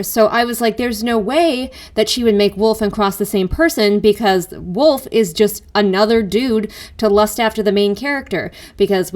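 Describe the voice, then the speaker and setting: A congested woman giving a sarcastic recap of a novel, mocking the characters in put-on voices. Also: medium pitch. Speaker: book reviewer. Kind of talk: sarcastic book recap commentary.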